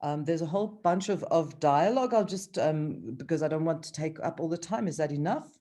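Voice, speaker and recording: A woman's voice: low-pitched, animated, fairly quick, mellow. A woman author reading from her own novel, then talking with hesitant ums and restarts over a video call.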